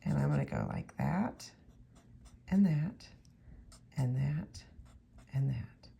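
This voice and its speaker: A woman's voice: a bass voice, wildly swooping pitch, takes it slowly, vocal fry, warm tone, husky. A woman demonstrating card making in a chatty tutorial, talking straight to the viewer and often dropping to a near-whisper as she works. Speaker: craft demonstrator. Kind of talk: hands-on crafting tutorial.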